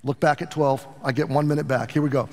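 A middle-aged pastor preaching a sermon in an earnest, animated way, with asides to his congregation. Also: mid-range voice, fast talker, big-room sound, a little hiss or hum.

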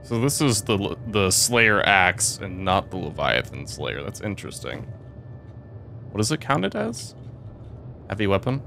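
A young man giving gameplay commentary, swearing often and breaking into excitable outbursts. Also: low-pitched, a little slow, creaky, faint music behind. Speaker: let's play host.

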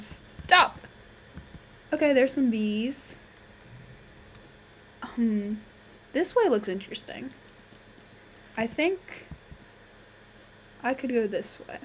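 A young woman giving casual, chatty commentary on her own gameplay, thinking aloud and quick to exclaim. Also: on the high side, a little hiss or hum. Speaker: gamer.

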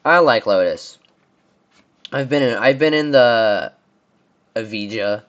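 A young American man rambles casually through a car brand tier list, often stumbling over names. His mid-range voice is animated and a bit bright but slow, captured with lo-fi sound.

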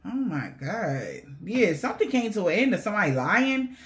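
A woman giving a casual tarot reading to her viewers, animated and slangy, swearing and laughing often. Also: mid-range voice, moderate pace. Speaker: tarot reader.

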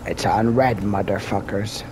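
Gamer, profane mocking trash talk, slow delivery, faint background noise. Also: low-pitched, steady tone. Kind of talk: casual gaming chat with a friend.

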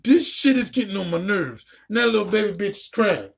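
A woman ranting casually and profanely while reacting to a show, with a raspy, gravelly voice. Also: medium pitch, lively intonation, fairly quick. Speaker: video reactor.

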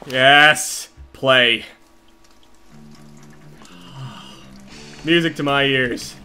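A young man giving live gameplay commentary, cursing constantly and swinging from low muttering to panicked yells. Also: drawn-out words, clean tone, faint music behind. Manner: profane, excitable, jumps from muttering to panicked yelling. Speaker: gaming commentator.

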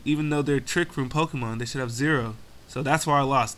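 A man's voice: mid-range voice, fairly quick, a bit bright. Young man ranting through a game. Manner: profane, ranting play-by-play; exasperated, self-mocking asides. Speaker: gaming commentator. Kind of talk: casual game commentary.

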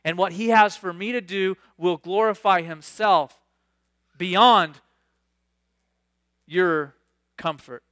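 A man preaching a sermon, reading scripture aloud and riffing on it with animated, excitable asides. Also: high voice, takes it slowly, pauses often. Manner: animated, reads scripture then riffs with sudden bursts of excitement. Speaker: pastor.

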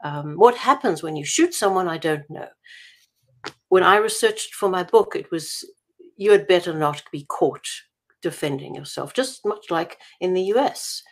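A woman's voice: lowish voice, animated, a little slow. A woman from South Africa being interviewed as an author, talking in a chatty way with many restarts. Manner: chatty, many restarts and laughs while telling anecdotes. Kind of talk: casual interview over a call.

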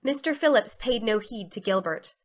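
A woman narrating a classic novel as a dramatic storybook reading, with expressive storytelling. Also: a little high, moderate pace.

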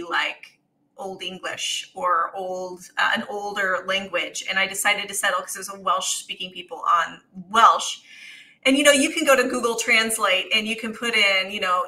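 A woman's voice: medium pitch, bright, forceful tone, low-quality recording. A middle-aged woman co-hosting a podcast, chatting casually about writing and laughing often. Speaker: podcast co-host, author. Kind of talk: casual chat.

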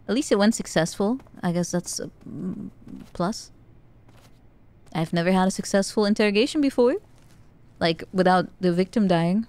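A woman's voice: medium pitch, darkish tone. A woman streaming a stealth video game, chatting playfully with frequent giggles and stammered restarts. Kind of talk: live game commentary.

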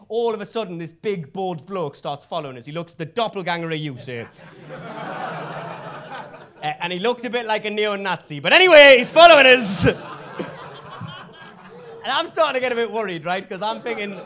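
Bright, high-voiced Northern English comedian. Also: male voice. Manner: brisk, punchy delivery with filler "uh"s. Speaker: stand-up comedian. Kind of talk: stand-up storytelling.

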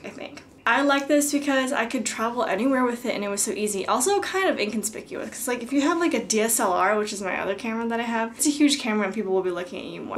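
A woman's voice: on the high side, a little hiss or hum. A young woman vlogging at home, gushing breathlessly with lots of "like" as she unboxes a camera. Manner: gushing, breathless, filler-heavy ("like"). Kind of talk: casual vlog, unboxing a camera. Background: music playing.

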